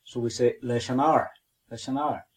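A man's voice: medium pitch, steady tone, normal speed. A man teaching the language on a podcast, patiently repeating phrases for learners.

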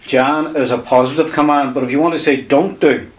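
A man's voice: mid-range voice, steady tone, brisk. A man teaching a language lesson on air, explaining patiently step by step and repeating key words.

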